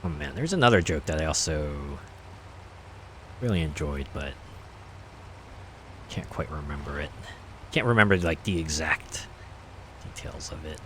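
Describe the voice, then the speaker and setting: A man's voice: very deep voice, expressive, a little slow, pauses often, fairly bright tone, slight background noise. A man streaming a game, chatting casually in a rambling, hesitant way with many fillers. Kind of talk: casual chat while playing.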